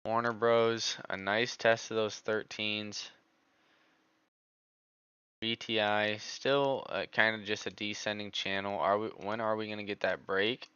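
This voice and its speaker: A man streaming live stock trading, talking through charts in a casual, excitable way. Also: fairly low pitch, unhurried, clean tone, no echo, lo-fi sound. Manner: excitable, groans over missed trades. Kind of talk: live market commentary.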